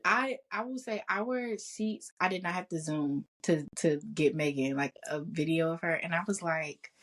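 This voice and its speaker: A woman co-hosts a podcast in casual chat. Her voice sits fairly low, and she laughs a lot and swears freely as she tells her stories. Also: moderate pace. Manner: laughs often, swears freely, animated storytelling. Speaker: podcast co-host.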